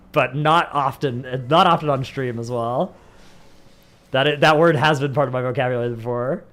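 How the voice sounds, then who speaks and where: A man's voice: medium pitch, moderate pace, fairly bright tone. A man with a Northern Californian accent, a livestreamer chatting casually with his viewers, rambling and dropping "like" into many sentences. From San Francisco Bay Area. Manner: rambling, says "like" a lot.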